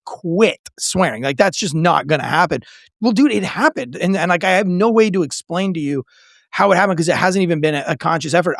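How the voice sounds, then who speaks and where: A man's voice: on the high side, fairly bright tone, dry recording, clean studio sound. A man in casual podcast conversation, speaking bluntly and emphatically with jokes.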